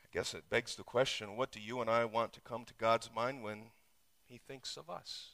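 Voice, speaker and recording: Bright-voiced man preaching with rising intensity. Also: steady tone, moderate pace. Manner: preaching with sudden surges in pitch and volume. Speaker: pastor. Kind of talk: sermon. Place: church.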